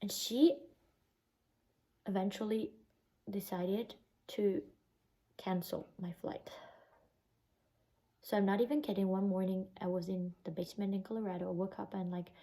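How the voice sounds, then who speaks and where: Young woman, Italian accent, casual vlog storytelling, mellow warm voice, emotional, filler-heavy. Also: mid-range voice, normal speed, pauses often, poor audio. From Italy. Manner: emotional, recounting a bad experience, lots of "like" fillers. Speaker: vlogger.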